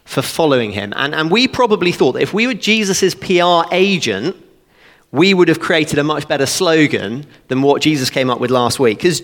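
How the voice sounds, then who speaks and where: A man preaching a sermon, walking through a passage verse by verse in an animated, conversational way with joking asides. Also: on the high side. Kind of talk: expository sermon. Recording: long reverb of a church hall.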